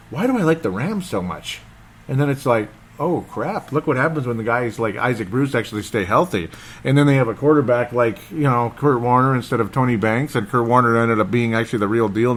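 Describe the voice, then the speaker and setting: A man of average pitch talks through the week's football scores on his podcast. His recap is loose and excitable, and he wanders off topic and stumbles over names as he goes. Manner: rambling, excitable, loses his train of thought. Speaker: sports podcast host.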